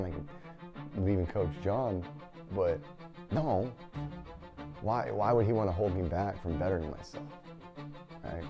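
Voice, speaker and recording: A man, a jiu-jitsu black belt, telling a story in a casual, animated way, acting out quotes and often restarting his sentences. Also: deep voice. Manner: animated, acts out quoted speech; lots of repeated words and restarts.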